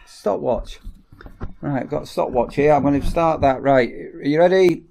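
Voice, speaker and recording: A man's voice: fairly high pitch, normal speed, creaky, dark tone, a little hiss or hum. A middle-aged man with a Northern English accent, teasing and joking in casual vlog banter. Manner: teasing, jokey, laughs often. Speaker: vlogger.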